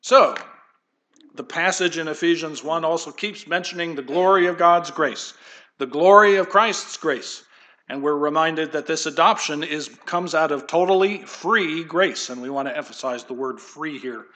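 A pastor preaching a sermon in an easygoing, conversational way, wandering into folksy asides. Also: male voice, a little high, normal speed, pushed and bright.

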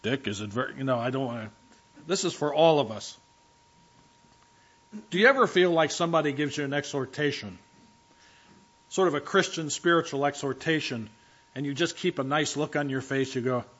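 A man's voice: mid-range voice, normal speed, long pauses, a bit bright, highs cut off. A man preaching a sermon as pastor, talking conversationally and directly to his congregation in a church.

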